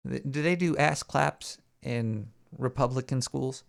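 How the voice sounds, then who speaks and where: Man, show host, gravelly creaky voice, loose jokey rambling banter. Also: mid-range voice, unhurried. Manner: rambling, jokey, thinks out loud. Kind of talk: casual live show banter.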